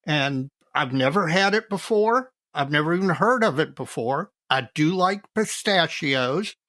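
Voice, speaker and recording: A man co-hosting a podcast in casual chat, easygoing and quick to laugh. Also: fairly high pitch, animated, bright, forceful tone, no room sound, studio quality. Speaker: podcast co-host.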